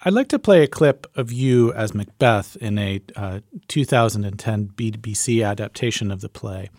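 A man's voice: lowish voice, moderate pace, a little mellow, dry recording, studio quality. A male radio producer interviewing a guest in a conversational, tentative way. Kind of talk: interview questions.

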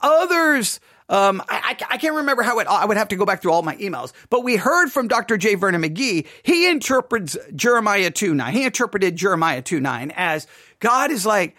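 A man giving an informal Bible study talk, animated, acting out quoted lines with rising emphasis and conversational restarts. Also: sits high, normal speed, no echo, studio quality. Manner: animated, voices God's words with rising emphasis. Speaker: Bible teacher.

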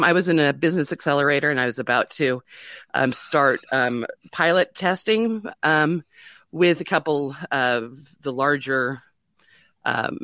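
A woman's voice: low voice, fairly bright tone, dry recording. A middle-aged woman candidly telling her life story in an interview, self-mocking and laughing often, with many fillers.

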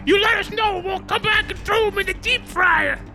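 Man putting on a shrill manic rioting fry cook. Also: normal speed, music in the background. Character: frantic male rioter fry cook, yelling.

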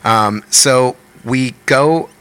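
A man guest on a podcast, telling a story casually, animated and swearing often, with lots of fillers. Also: medium pitch, clear, resonant tone, no echo. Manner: fast-paced storyteller with frequent fillers.

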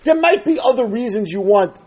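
Husky man teaching Talmud, lively pitch. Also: fairly quick. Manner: explains step by step, asks and answers his own questions. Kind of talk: daily Talmud class.

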